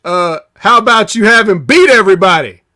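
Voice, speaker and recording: A man's voice: high-pitched, lively intonation, a little fast, sharp tone. A man co-hosting a podcast, answering with dry, teasing comebacks in casual chat. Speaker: podcast co-host.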